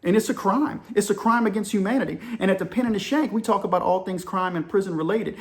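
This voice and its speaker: A man's voice: high-pitched, fairly quick. A man talking casually and persuasively to his viewers, calling them y'all as he hosts his own channel. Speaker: channel host. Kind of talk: casual opinion monologue to camera.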